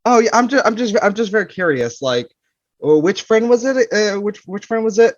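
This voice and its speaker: A man's voice: mid-range voice, expressive, slow, darkish tone, no room sound, lo-fi sound. A man playing an anxious husband and father in a tabletop role-play, probing and earnest with a shaky edge. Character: anxious husband and father confronting his wife.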